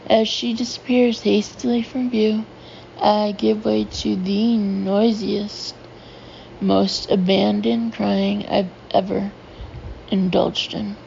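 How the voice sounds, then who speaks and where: A woman's voice: medium pitch, level tone, slow pace, gravelly, dark tone, muffled recording, slight background noise. A woman narrating a novel in the first person, emotive and voicing the heroine's feelings. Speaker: audiobook narrator.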